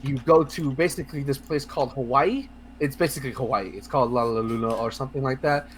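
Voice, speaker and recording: A man co-hosting a casual video game podcast, talking in a rambling, excitable way with lots of fillers, restarts and swearing. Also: medium pitch, fast talker, slight background noise. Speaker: podcast co-host. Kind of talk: casual podcast chat about video games.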